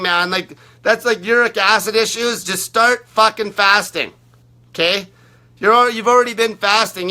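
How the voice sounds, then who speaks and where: Brief: fired-up young male fasting coach, high forceful voice, profane and blunt. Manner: aggressive, heavy swearing, blunt. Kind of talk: profane ranting monologue.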